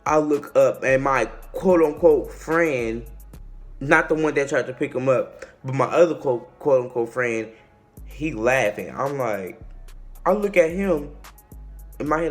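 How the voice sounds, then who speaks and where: A young man telling a casual storytime tale. He is animated and slangy, and he acts out the quotes and the shouting. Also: mid-range voice, normal speed, soft background music. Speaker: vlogger.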